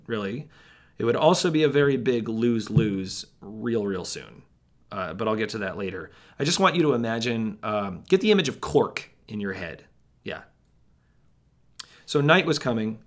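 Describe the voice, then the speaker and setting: A man's voice: mid-range voice, fairly bright tone, natural voice. A man playing a jittery, paranoid young man, rambling with wry asides to the listener in a monologue. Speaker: first-person narrator. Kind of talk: monologue storytelling.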